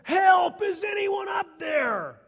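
A man voicing a desperate man hanging from a cliff, shouting and stammering in panic. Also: extremely high pitch, sing-song, slow pace, vocal fry, big-room sound, a faint crowd, voice pushed up, exaggerated voice. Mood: panicked shout.

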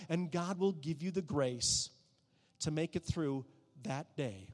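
A man preaching a sermon, moving between soft, hushed prayer and loud, emphatic declarations. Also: on the high side, takes it slowly, long reverb tail.

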